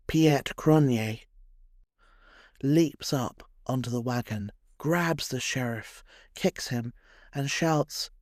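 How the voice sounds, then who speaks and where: A man's voice: mid-range voice, slow pace, darkish tone, no echo. A man narrating a scripted history tale in a wry storytelling way, with dry humorous asides.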